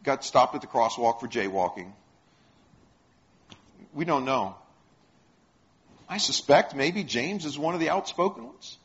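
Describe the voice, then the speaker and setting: A man's voice: fairly high pitch, fairly bright tone. A man preaching a sermon, retelling stories and putting questions to the congregation. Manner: storytelling, asks the congregation questions. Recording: dull lo-fi sound.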